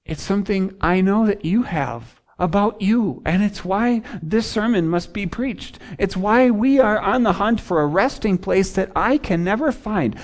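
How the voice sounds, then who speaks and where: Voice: mid-range voice, expressive, measured pace, few pauses. Dramatic preacher delivering a sermon. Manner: dramatic preaching that swings from loud exclamation to hushed, near-whispered lines; rhetorical, speaks in the first person as a struggling sinner. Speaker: pastor.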